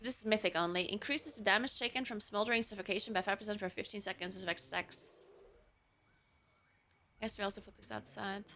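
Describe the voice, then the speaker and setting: A woman's voice: medium pitch, steady tone, fairly quick, bright, forceful tone, slight background noise. A woman streamer chatting casually and thinking aloud while setting up her game, laughing often. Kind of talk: casual live-stream chat while gaming.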